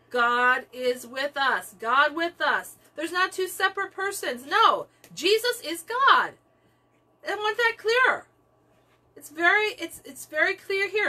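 A woman's voice: high voice, sharp tone. A woman leading a Bible study, teaching with emphatic repetition of key phrases.

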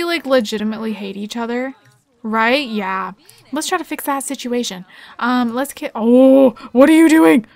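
A young woman giving bubbly, excitable commentary while playing a life-sim game, giggling often and chatting to her viewers. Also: on the high side, no echo. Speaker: gaming YouTuber. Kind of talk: Let's Play commentary.

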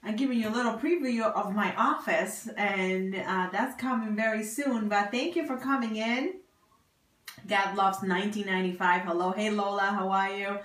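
A woman's voice: mid-range voice, normal speed, fairly bright tone. Bubbly woman welcoming livestream viewers. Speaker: livestream host. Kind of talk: casual livestream greeting viewers. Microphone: phone or webcam.

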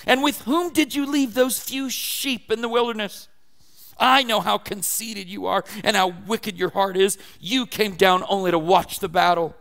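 Scornful older brother, angry and loud, read by a male preacher; slightly high and gravelly. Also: fairly even intonation. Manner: loud, slow and accusing.

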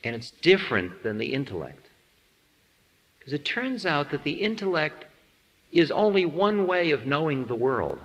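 A man giving a humorous spiritual talk as a teacher, playful and quick to act out little scenes. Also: a little high, very animated, dull audio. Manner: playful, acts out voices in anecdotes. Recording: long hall reverb.

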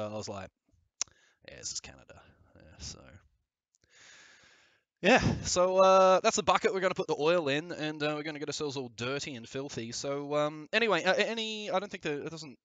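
Aussie dude rambling on stream, swears a lot, dry close sound, regular pitch. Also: male voice, fairly bright tone, dry recording. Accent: Australian. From Australia. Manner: rambling, swears casually, lots of fillers. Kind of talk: casual live-stream chat. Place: aircraft hangar in winter.

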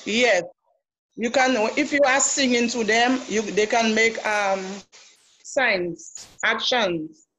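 A woman's voice: fairly high pitch, slow, a bit bright, a little hiss or hum, poor audio. A woman who works at a daycare explaining in a call how she handles children, listing options one by one. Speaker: daycare worker and church minister. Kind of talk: answering in a group training call.

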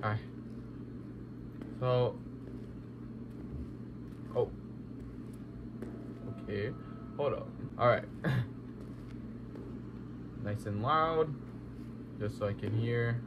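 A man's voice: medium pitch, extremely slow, pauses often, dull audio, noisy background. A young man commentating a horror game let's play, talking to himself and exclaiming at scares. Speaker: gaming YouTuber.

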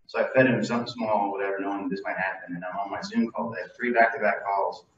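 A man's voice: lowish voice, steady tone, fast, fairly bright tone. Rambling man talking in a roomy echo. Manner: rambling and conversational, many fillers and restarts. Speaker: lay speaker leading communion. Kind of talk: informal devotional talk. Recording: distant, muffled mic in an echoey room.

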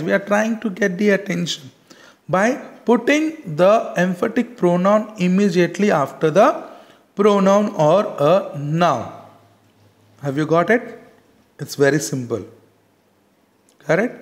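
A man teaching a grammar lesson, stressing example words and checking in with "correct?" again and again. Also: fairly high pitch. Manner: repeats "correct?" and "got it?" often, stresses example words slowly.

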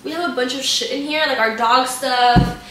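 A woman's voice: sits high, normal speed, far from the mic, noisy background. A young woman chatting casually to camera as she gives a tour of her home, gushing and saying "like" a lot. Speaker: vlogger giving a house tour. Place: living room of a home, indoors. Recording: echoey room, voice off-mic.

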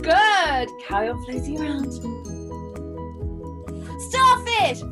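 A woman storyteller leading children through playful movement games, with animated exclamations and gasps. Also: fairly high pitch, a little slow, over music.

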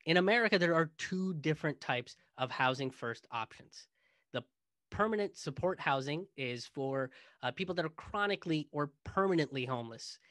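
Male comedian host, sarcastic monologue, fairly high pitch, dry booth-like sound. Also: animated, normal speed, fairly bright tone, no room sound. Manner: sarcastic, mocking.

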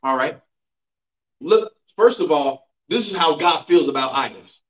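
High-voiced pastor preaching in an echoey church. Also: male voice, animated, unhurried, a bit bright. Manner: emphatic, asks the congregation rhetorical questions. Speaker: pastor teaching a Bible class. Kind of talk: teaching sermon with call-and-response. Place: church sanctuary. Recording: roomy, dull sound from a distant mic.

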